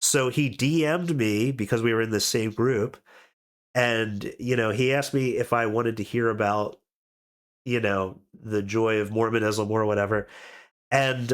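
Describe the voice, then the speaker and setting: A man on cold medicine telling a rambling story on a podcast, with lots of fillers and restarts. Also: medium pitch. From expat living abroad. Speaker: podcast co-host. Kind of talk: casual podcast chat.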